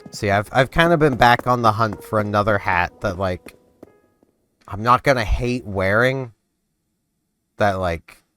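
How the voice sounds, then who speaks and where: A man casually chatting through a life-sim game in a relaxed, rambling way. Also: on the low side, measured pace, pauses often, soft background music. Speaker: gaming channel host. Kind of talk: casual gameplay commentary.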